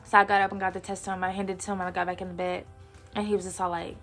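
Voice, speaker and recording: Woman, 20s, casual storytime vlogger, slangy, gravelly fry, faint music bed. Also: on the low side, little pitch movement, rapid-fire, a bit bright. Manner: chatty, slangy, acts out quotes.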